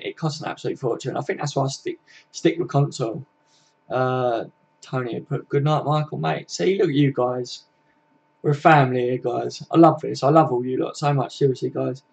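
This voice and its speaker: Chatty lad, matey. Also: male voice, mid-range voice, vocal fry, a little mellow, dull audio. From England. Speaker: fan channel host. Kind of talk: casual live stream chat.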